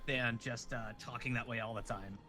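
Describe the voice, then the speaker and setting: A man's voice: mid-range voice, steady tone, moderate pace, sharp tone. Rambling man from Rhode Island. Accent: Rhode Island, mostly suppressed. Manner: rambling, many ums and uhs. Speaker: guest streamer. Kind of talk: casual chat.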